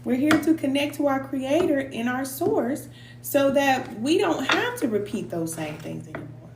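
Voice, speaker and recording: Middle-aged woman, spiritual coach, earnest and preachy with casual slang, slightly high voice, roomy echo. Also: sing-song, moderate pace, background noise. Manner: heartfelt, preacherly, slips into casual Black American slang; sometimes emotional and sighing. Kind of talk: live tarot reading and motivational talk.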